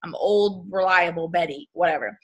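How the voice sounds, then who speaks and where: A woman gives a motivational talk to her sales team in a bright, forceful voice. She is blunt and chatty, full of slang, and keeps acting out little scenes in quoted voices. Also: lowish voice, normal speed, husky. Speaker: network marketing team leader.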